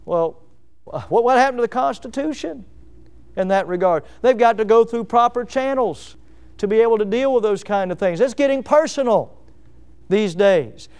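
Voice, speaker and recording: A man's voice: high-pitched, a little mellow, clean tone. A pastor preaching an emphatic sermon to his congregation, stressing key words and putting questions to the listeners.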